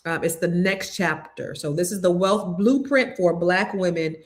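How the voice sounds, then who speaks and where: Fifty-year-old woman host, low voice. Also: normal speed. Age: 50s. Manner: emotional, warm thanks to listeners. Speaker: podcast host. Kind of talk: casual sign-off to viewers.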